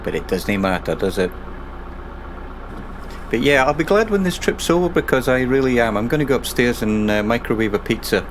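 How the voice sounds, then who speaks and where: A man's voice: mid-range voice, animated, a little fast, noisy background. A man casually commentating his own driving game stream, chatting and rambling to himself and his viewers.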